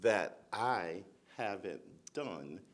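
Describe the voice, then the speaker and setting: A middle-aged man on a conference panel, a school principal telling a lively personal story and acting out the voices of the people in it. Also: low voice, extremely slow. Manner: animated storyteller, acts out quoted voices.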